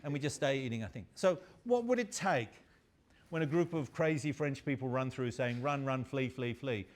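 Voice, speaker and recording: A male university lecturer telling a story in a lively, chatty way. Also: a little high, moderate pace.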